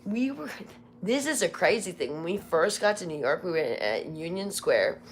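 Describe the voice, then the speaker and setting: Woman livestream host, deep for a woman, chatty and meandering, voice prone to cracking. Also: sing-song, normal speed, slight background noise. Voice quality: voice cracks when tired. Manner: rambling storyteller, heavy use of "like". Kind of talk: casual livestream chat.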